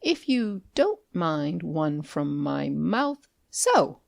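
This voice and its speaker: A woman's voice: low voice, very animated, very slow, creaky, dry recording, studio quality, heavily acted. A woman voicing a courteous male magic shopkeeper in a storybook reading, with polite and mysterious speech.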